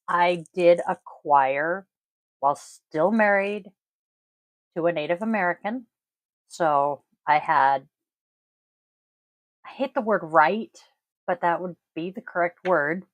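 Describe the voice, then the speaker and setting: A woman hosting her own podcast, talking casually and deliberately, stressing key words with frequent ums. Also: fairly low pitch, no room sound, low-quality recording. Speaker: podcast host. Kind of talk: casual solo podcast talk.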